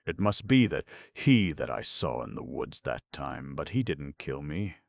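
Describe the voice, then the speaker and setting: A man voicing a timid young male fawn who asks anxious, hushed questions in a storybook reading. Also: rumbling low, sing-song, a little slow, vocal fry, no echo, clean studio sound, full character voice. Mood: puzzled.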